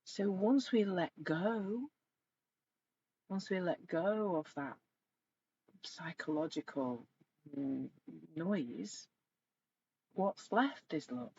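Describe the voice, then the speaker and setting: A middle-aged woman coaching in a live online session, speaking reflectively and gently and growing animated when she retells stories. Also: lowish voice, extremely slow, long pauses. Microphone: video call. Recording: slightly dull lo-fi sound with faint noise.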